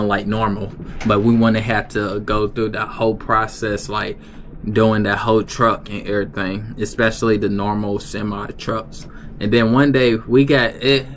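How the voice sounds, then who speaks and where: A man's voice: mid-range voice, a bit bright. Young guy streaming, rambly story full of restarts, faint noise behind. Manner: rambling, many restarts and fillers. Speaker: livestreamer. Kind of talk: casual storytelling.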